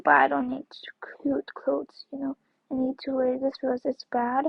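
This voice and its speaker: A woman talks through her game in a high, unhurried voice, rambling and repeating herself with sudden squeals and hushed whispers. The recording is dry and dull, with a lo-fi sound. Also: little pitch movement, vocal fry, slightly rough, no echo. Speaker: gaming video creator. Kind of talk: casual gameplay commentary.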